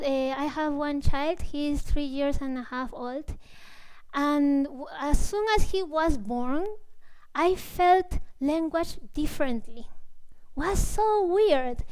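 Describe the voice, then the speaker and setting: A high-pitched woman, slowly and unhurriedly. She gropes for words, restarts often and tags her thoughts with a questioning "no?". It sounds like a casual answer during a public talk. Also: darkish tone, low-quality recording. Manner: searching, full of fillers and restarts, tags "no?". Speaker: composer speaking at a public talk.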